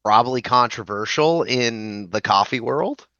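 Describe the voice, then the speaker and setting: Bright-voiced Prince Edward Island man, lo-fi. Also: mid-range voice, animated, a little slow, no echo. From Prince Edward Island, Canada. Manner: easygoing, hesitant, lots of "like". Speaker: guest musician. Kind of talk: casual chat.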